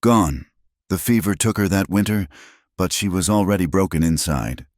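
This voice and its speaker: A man's voice: sits low, moderate pace, a little mellow, dry recording, studio quality, voice pushed up, natural voice. A man voicing a stoic, reserved Apache scout who speaks in short, level sentences. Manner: terse, level, clipped sentences.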